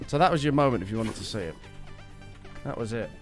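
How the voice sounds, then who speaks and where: A young man chatting with his stream audience in an excitable, casual way, his voice worn and strained. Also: medium pitch, fast, over music. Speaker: livestreamer.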